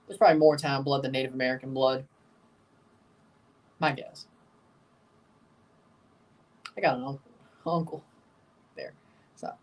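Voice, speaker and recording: A man's voice: medium pitch, fairly even intonation, a little fast, distant mic. A man hosting a live watchalong stream, chatting casually and rambling, often repeating himself and chuckling. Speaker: livestream watchalong host. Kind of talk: casual live reaction chat.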